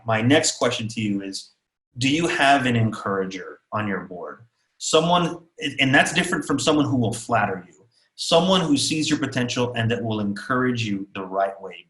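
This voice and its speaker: Animated storytelling man in echoey room. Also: on the low side, moderate pace. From Texas, USA. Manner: animated, acts out quotes of others. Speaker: keynote speaker. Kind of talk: storytelling talk.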